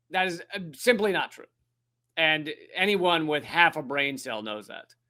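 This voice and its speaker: A man's voice: fairly high pitch, sharp tone, clean tone. A man hosting a comedic news commentary show, ranting sarcastically and swearing often. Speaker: host.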